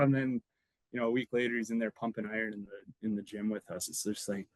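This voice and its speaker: On a podcast, a man who once played lineman in college football rambles through casual stories, laughing in between. He talks fast in a lowish voice with fairly even intonation, and the recording is dry and rough.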